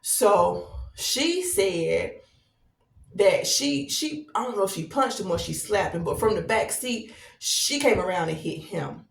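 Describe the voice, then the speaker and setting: A woman in her thirties, a podcast host telling a long personal story in a casual, animated way, repeating herself as she goes. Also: medium pitch, vocal fry. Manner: animated, conversational, drawn-out repetitions. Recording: roomy echo, distant from mic.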